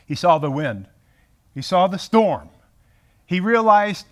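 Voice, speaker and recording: A man leads a Bible study in a room full of people, speaking slowly and with animation. His pitch sits on the high side and swings widely. He often breaks off and restarts his sentences. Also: clean tone. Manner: animated, self-interrupting, acts out quotes. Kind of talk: Bible teaching talk. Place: room with a group.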